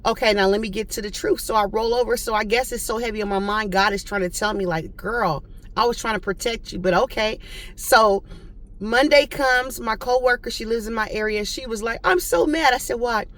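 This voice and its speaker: A woman's voice: a little high, steady tone, brisk, fairly bright tone. Chatty woman telling a faith-filled story. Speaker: vlogger. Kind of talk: casual storytime monologue.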